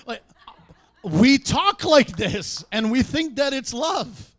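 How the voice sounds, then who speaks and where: A man preaching a sermon in a church, conversational in tone, with sudden loud emphatic peaks. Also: high voice, very animated, slow pace, no echo. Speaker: pastor.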